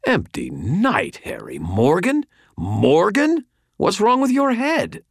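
A man's voice: sits low, animated, moderate pace, dry recording. A man voicing a wealthy, stylish half-brother in an audiobook, with a dry, cutting and worldly manner. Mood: incredulous. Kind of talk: audiobook character voice.

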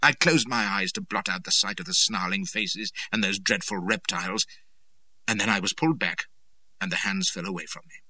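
A man narrating a first-person adventure story, expressive and dramatic. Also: on the low side, moderate pace, dry recording. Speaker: audiobook narrator.

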